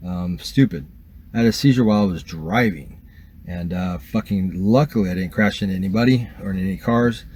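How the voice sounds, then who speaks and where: A man's voice: low voice, fairly quick, a little mellow, breathy edge. A man telling a rambling, profane first-person story to his camera as a vlogger, filled with likes and ums. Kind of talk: casual first-person account.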